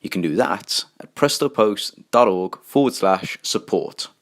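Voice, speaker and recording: A male podcast host reads a scripted support appeal with dry, wry humor. His voice is low-pitched and steady. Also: a little slow. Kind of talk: scripted sponsor read.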